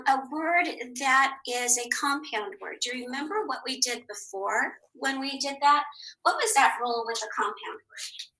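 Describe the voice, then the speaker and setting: A woman teaching a children's phonics lesson, patient and clear, saying each word twice with the second higher. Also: pushed and bright, rough recording. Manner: clear, patient, sing-song.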